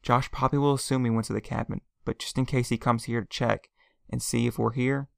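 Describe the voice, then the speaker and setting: A steady, level-headed father with a low, gravelly voice, as a man reading a storybook puts him on. His delivery is quiet and even. The recording is close and dry. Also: brisk, no room sound.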